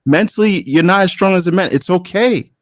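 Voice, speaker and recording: A man's voice: sits high, fairly quick, no room sound. A man arguing bluntly in a heated debate, teasing and repeating his points.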